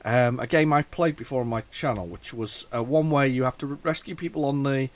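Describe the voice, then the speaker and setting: A man's voice: mid-range voice, a little fast. A man hosting a retro computing video, talking casually as he goes, rambling and restarting often, with wry self-mocking asides. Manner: rambling, thinks aloud, frequent restarts. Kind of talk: casual running commentary.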